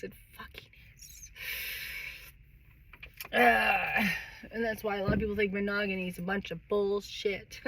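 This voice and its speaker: A woman's voice: medium pitch, fairly bright tone. A middle-aged woman in a candid personal monologue, rambling and swearing often, with frequent sighs. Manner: rambling, heavily profane, sighing and laughing. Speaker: vlogger.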